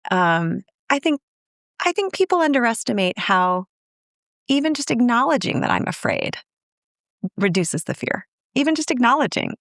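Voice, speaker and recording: A woman's voice: fairly high pitch, very animated, normal speed, fairly bright tone, no echo, clean studio sound. A woman therapist speaking earnestly on a podcast, emotional and given to restarts. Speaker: guest therapist. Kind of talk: podcast conversation.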